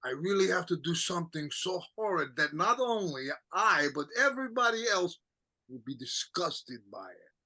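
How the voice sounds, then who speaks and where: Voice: medium pitch, animated, moderate pace, pushed and bright. An actor reading the part of a bitter, mocking aging count who laughs at himself and breaks into tears, in an amateur play reading.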